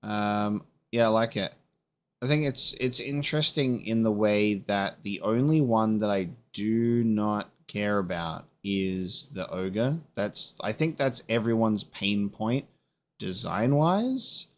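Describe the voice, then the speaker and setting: A man's voice: on the low side, takes it slowly. A man giving casual, rambling commentary while playing a video game, musing aloud with plenty of fillers. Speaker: gameplay commentator. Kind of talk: casual let's play commentary.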